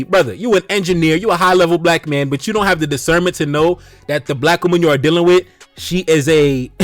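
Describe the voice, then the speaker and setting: A man's voice: sits high, fairly bright tone, dry recording. A man hosting a reaction video who preaches to his audience, laughing often and repeating exclamations. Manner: preachy, addresses "brothers" directly. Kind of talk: commentary on social media posts.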